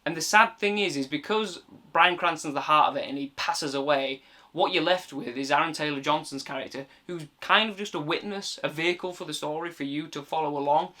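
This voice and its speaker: A man talks through a film review off the cuff, chatty and loose, dropping the odd swear word. His voice sits a little high for a man, with a bright, sharp edge. He recounts the plot at length in easy, everyday speech. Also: fairly quick. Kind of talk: casual film review monologue.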